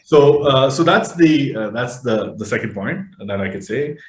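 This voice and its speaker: A man's voice: mid-range voice, animated, moderate pace, echoey room. A man speaking as an interview guest, explaining health advice at length with many fillers and restarts. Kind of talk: casual interview talk.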